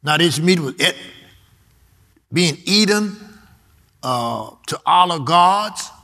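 A male preacher delivers a sermon with a bright, forward voice pitched a little high. He reads scripture aloud and hammers home his key words by repeating them. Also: lively intonation, slow.

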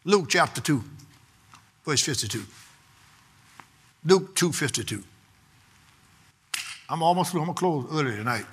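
A man preaching a sermon with fervent, rhythmic repetition and folksy phrasing. He rises to shouted peaks at times. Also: on the high side, expressive, unhurried, pauses often, breathy edge.

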